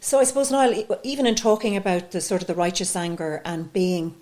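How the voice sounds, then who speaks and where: A woman interviewing a guest in a studio, gently steering the talk with soft affirmations. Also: medium pitch, fairly even intonation, a little fast. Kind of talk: podcast interview.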